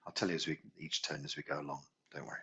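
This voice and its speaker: A man teaching a qigong healing class, gently guiding breaths and sounding out long vocal tones and hums. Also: extremely low pitch, level tone, slightly rough. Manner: gentle, unhurried guidance with sung tones and hums. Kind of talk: guided healing class instruction.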